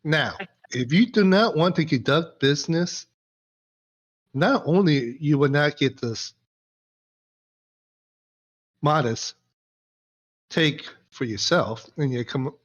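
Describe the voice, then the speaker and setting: A pompous businessman who speaks slowly and formally, full of his own importance, as a man plays him. His voice sits a little high. The audio is muffled and lo-fi. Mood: threatening. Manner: formal, measured, condescending. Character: pompous male businessman, haughty and self-important. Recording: dull lo-fi stream audio.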